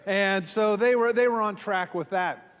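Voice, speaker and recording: A man's voice: high-pitched, a little slow, a bit bright, clean tone. A man, a pastor, telling a self-mocking story to a church audience and acting out the voices he quotes. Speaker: pastor and small group speaker. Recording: long hall reverb from a live venue.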